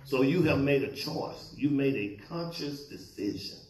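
A man's voice: medium pitch, lively intonation, measured pace. A male pastor preaching a sermon, questioning his congregation and waiting for answers. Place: church sanctuary. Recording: echoey church hall.

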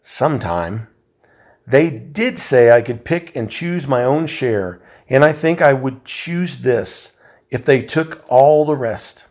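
A man voicing a timid little male hobbit burglar who squeaks thin, high cries when frightened. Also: expressive, slow pace, darkish tone. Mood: musing.

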